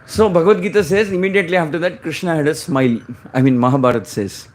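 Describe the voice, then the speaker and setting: Man, sermon, storytelling, acts out dialogue, slightly high pitch. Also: fast, hardly any pauses, a little mellow. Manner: storytelling, acting out scripture dialogues. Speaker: preacher.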